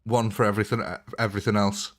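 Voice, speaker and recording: A man with a fairly low voice talks through a game as he streams it live. His delivery is casual and rambling, with little asides and frequent chuckles. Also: flat delivery, fast talker. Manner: chatty, laughs often, thinks aloud while playing. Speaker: gaming livestreamer.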